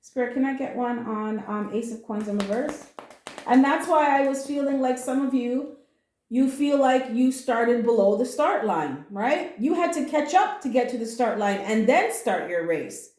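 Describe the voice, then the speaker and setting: A woman's voice: fairly high pitch, animated, normal speed, a little mellow, echoey room, a little hiss or hum. A woman giving a casual spoken tarot reading, earnest and comforting, emotional at times and blunt with slang. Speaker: tarot reader.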